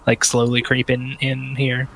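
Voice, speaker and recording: Brief: a casual game master, a man with a bright, forceful voice and faint background hiss. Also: mid-range voice, completely flat delivery, unhurried, creaky, rough recording. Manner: casual, filler-heavy description. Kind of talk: narrating a tabletop game.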